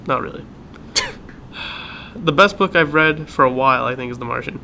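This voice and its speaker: A man's voice: mid-range voice, normal speed, gravelly, pushed and bright, a little hiss or hum, low-quality recording. A young man co-hosting a podcast, chatting casually in a laid-back, rambling way about what he reads. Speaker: podcast co-host. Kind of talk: casual chat.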